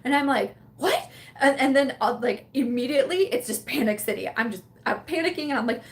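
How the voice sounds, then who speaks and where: A young woman hosts a casual live chat, telling a story with lots of fillers and bursts of laughter. Her voice sits a little high for a woman, and her delivery stays animated throughout. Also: quick pace. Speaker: livestream host.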